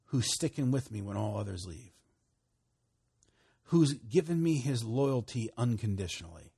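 A man preaching a sermon, emphatic, moving between loud bursts and hushed, quiet lines. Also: medium pitch, creaky, slightly rough. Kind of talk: sermon teaching.

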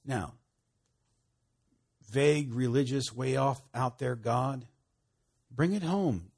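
A man preaching a sermon, emphatic, moving between loud bursts and hushed, quiet lines. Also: medium pitch, takes it slowly, husky. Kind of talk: sermon teaching.

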